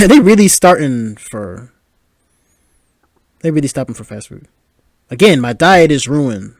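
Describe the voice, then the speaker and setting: A man's voice: on the high side, very animated, a little slow, dry recording, studio quality. A man in his twenties hosting a podcast, giving casual movie commentary with lots of laughs and filler words. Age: 20s. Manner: chatty, laughing, filler-heavy. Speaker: podcast host.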